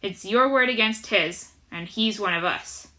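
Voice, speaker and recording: A woman voicing a gruff, suspicious farm team leader who yells and demands answers in a storybook reading. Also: medium pitch, unhurried. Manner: yelling, demanding, scowling.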